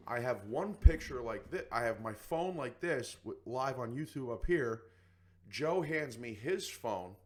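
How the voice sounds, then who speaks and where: A man co-hosting a podcast, telling a story in casual chat and acting out other people's voices. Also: medium pitch. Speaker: podcast co-host.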